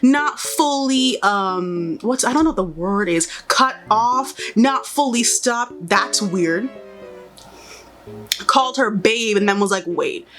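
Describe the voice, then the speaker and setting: A woman's voice: a little high, animated, slow, fairly bright tone, faint music behind. Opinionated young woman, rambling commentary. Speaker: beauty and pop culture vlogger. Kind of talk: casual chat while doing makeup.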